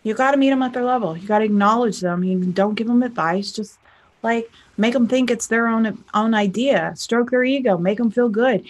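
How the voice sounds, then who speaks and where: A woman life coach talks to her viewers about relationships in a loose, chatty way. She tells stories and acts out bits of conversation along the way. Her voice sits a little on the high side. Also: normal speed. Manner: chatty, storytelling, acting out dialogue. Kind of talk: casual advice talk to viewers.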